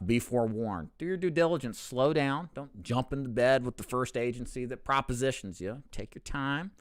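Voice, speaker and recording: In a dry, studio-quality recording, a man of medium pitch and slightly bright tone talks straight to camera in a relaxed Q&A. The host, an insurance agency owner, keeps things candid and jokes about himself, often starting sentences over.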